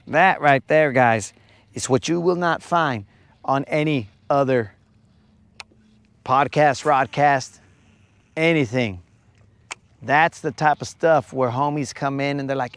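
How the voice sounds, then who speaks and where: A man talks slowly, leaving long pauses, in a fairly high voice while hosting a laid-back nighttime fishing vlog from a boat on a lake. He jokes around and addresses his viewers like they're his buddies.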